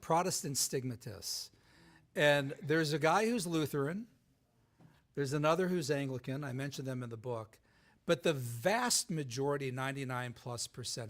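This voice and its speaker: A man giving a live talk as a guest author to an audience, lively, with many restarts, often asking "right?". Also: a little high.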